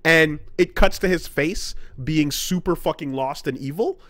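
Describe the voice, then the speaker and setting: A man co-hosting a casual podcast, ranting with profanity and jumping into quick high-pitched impressions of characters. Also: dry recording. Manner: animated, profane, acts out character quotes in sudden high voices. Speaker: podcast co-host.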